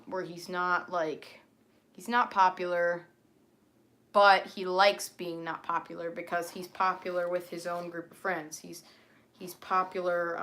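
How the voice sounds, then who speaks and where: A woman's voice: fairly low pitch, a bit bright. A young woman chatting casually on a livestream about her character, rambling with many fillers and restarts.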